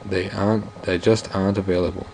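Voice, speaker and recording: A man's voice: deep voice, little pitch movement, fairly quick, vocal fry, a little mellow, a little hiss or hum, rough recording. A man playing a game and reading its narration aloud, stumbling over words now and then and adding casual asides in an odd put-on reading accent. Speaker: let's play host.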